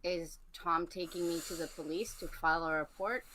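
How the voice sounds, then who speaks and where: A woman guest in a casual debate chat with a sarcastic, deadpan way of joking. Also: fairly low pitch, normal speed.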